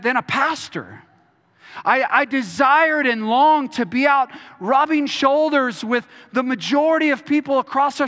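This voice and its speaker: Man preaching, very high-pitched, bright and forceful, long hall echo. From Texas. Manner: earnest, repeats words and restarts often. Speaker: pastor. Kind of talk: sermon.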